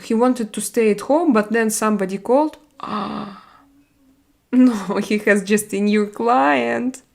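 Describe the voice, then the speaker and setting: Chatting with viewers on a casual live stream, this middle-aged woman speaks with a Russian accent; Russian is her first language. Her mid-range voice is gravelly and a little mellow, and she's blunt and chatty, stumbling through fillers and restarts.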